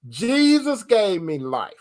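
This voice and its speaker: A man's voice: high-pitched, wildly swooping pitch, takes it slowly. A man giving Christian relationship advice in a preaching style, repeating his points with emphasis and calling his listeners brother and sister. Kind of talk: preaching-style talk to viewers.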